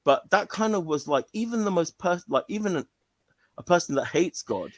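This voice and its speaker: A male caller telling a story on a call-in stream in an animated way, laughing and restarting often. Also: sits high, normal speed, no room sound.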